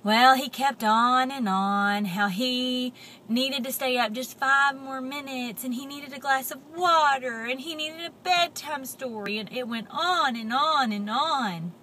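A woman telling a story to children, animated and expressive, often dropping into whispers. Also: high-pitched, a little slow, slight background noise.

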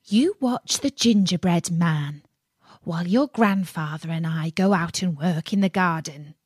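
A woman's voice: fairly low pitch, a little slow, darkish tone, husky, no echo, clean studio sound. A woman reading as an old grandmother giving orders. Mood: instructing. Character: old woman, grandmother baking, matter-of-fact.

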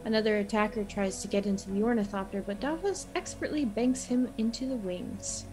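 Woman player, steady story recap of a tabletop game, music underneath. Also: medium pitch, brisk, low-quality recording. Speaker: player recapping the last episode.

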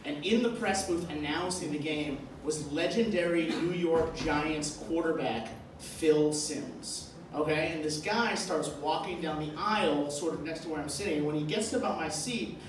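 A man's voice: a little high, normal speed, hardly any pauses, background noise. A man from Boston doing a stand-up comedy set, telling rambling stories full of fillers. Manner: rambling, filler-heavy storytelling. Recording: echoey club mic from far off. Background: audience laughter.

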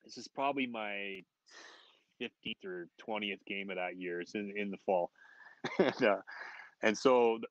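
A man, a former hockey player, telling an anecdote in casual chat as a podcast guest, animated and laughing often. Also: on the low side, a little slow, long pauses, no echo, lo-fi sound. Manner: animated, laughs often, quotes others in raised voices. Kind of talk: casual storytelling.

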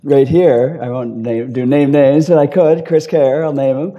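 A man speaking on a panel discussion in a hotel ballroom, an animated storyteller with quick asides and chuckles. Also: mid-range voice, muffled recording. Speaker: panelist, advocacy group leader.

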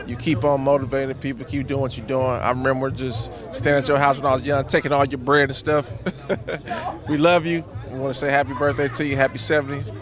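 A man's voice: medium pitch, level tone, fairly quick, a crowd in the background. A man recording a birthday message for his aunt, with a bit of singing. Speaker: nephew.

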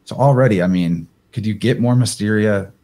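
Male presenter, low voice, casual talk, reads from slides between asides. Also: brisk, mellow. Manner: rambling, thinks aloud with fillers; reads passages aloud from slides. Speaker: podcast guest presenter.

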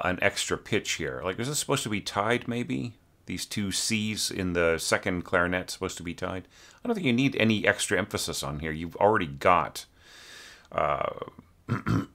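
A man's voice: low voice, a bit bright. A man teaching orchestration, reviewing a student's score in an informal, rambling way, often singing short syllables to show how notes should sound. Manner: thinks aloud, sings note shapes, many fillers.

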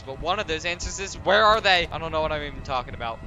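High-voiced young man yelling over gameplay. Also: animated, fast, hardly any pauses. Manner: jumps between loud yelps and muttered asides. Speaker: gaming YouTuber. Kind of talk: excited gameplay commentary. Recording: game music playing under the voice.

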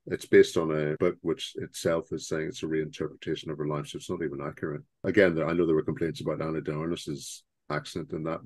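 A man's voice: deep voice, a little mellow, dry recording. A man co-hosting a podcast, giving opinionated, rambling film talk with many restarts. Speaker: podcast co-host. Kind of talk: casual film discussion.

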